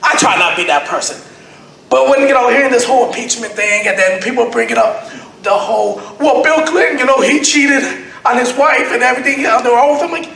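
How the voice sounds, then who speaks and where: A young man doing raunchy stand-up, rambling and cracking himself up. His voice is very high and bounces all over the place. He is recorded on a handheld mic in a very echoey room, with noise underneath. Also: expressive, fast, creaky, fairly bright tone. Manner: crude, rambling, laughing at his own jokes. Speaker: stand-up comedian at open mic. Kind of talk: stand-up comedy set. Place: convention panel room with live audience.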